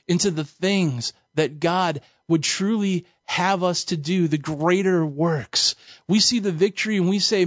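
Man, sermon-style teaching, emphatic colloquial delivery, slightly high voice, dull muffled recording. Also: a little slow, dry recording. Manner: emphatic, colloquial preaching with storytelling. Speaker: Bible teacher.

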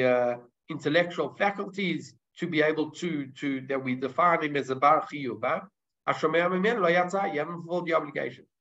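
Guy giving a talmud class, pretty high voice, walks through it step by step, kinda dull lo-fi sound. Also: pushed and bright. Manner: explains step by step, mixes Hebrew terms into English, frequent restarts. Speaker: Torah teacher.

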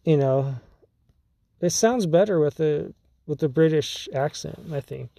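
A man talks through his solo podcast in a loose, rambling way, often breaking into laughter and restarting his sentences. His voice sits a little high for a man but has a dark, mellow tone. He speaks slowly, and the sound is dry and close. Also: vocal fry, dry recording. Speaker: podcast host. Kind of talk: casual solo podcast monologue.

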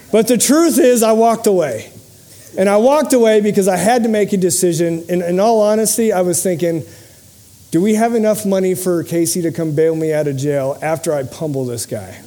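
Speaking quickly in a high-pitched, mellow voice, this man delivers a motivational talk before a live crowd. He's a motivational speaker and podcast host whose personal anecdotes come across as sincere yet humorous.

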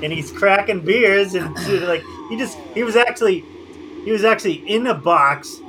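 Bright-voiced joking podcast host. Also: male voice, high voice, normal speed, slight background noise, rough recording. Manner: jokey, laughs often. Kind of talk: casual chat.

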